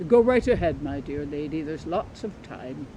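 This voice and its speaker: A woman voicing a courteous English male tour guide with an English accent, soft and easygoing. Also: deep voice, expressive, moderate pace, a little hiss or hum, voice pushed down, poor audio.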